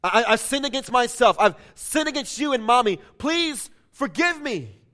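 A man reading out the halting, stammering pleas of a remorseful teenage daughter in a sermon. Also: very high-pitched, big pitch swings, pushed and bright, voice pushed up, exaggerated voice. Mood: pleading.

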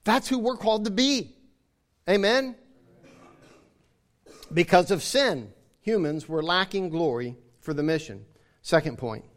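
A man's voice: high-pitched, expressive, a little slow, long pauses. A man preaching a sermon emphatically, repeating phrases to drive his points home and calling out to the congregation.

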